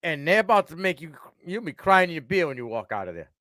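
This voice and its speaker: Man, sports podcast co-host, high lively voice, excitable restarts. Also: brisk, no echo. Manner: animated, trails off and restarts. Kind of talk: casual sports chat.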